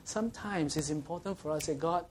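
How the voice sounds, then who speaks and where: A man preaches with a voice sitting a little above the usual male range. He tells stories with laughter, then slows down to read scripture, and keeps asking the listeners questions. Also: fairly high pitch, a little hiss or hum. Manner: anecdotal, animated preaching with laughter and rhetorical questions. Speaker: pastor. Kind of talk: sermon.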